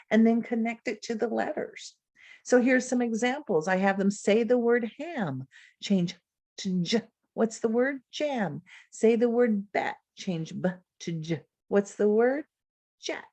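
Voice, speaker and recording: A woman literacy educator presenting a webinar lecture over a video call, modelling speech sounds aloud slowly and deliberately. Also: mid-range voice, darkish tone, dry recording.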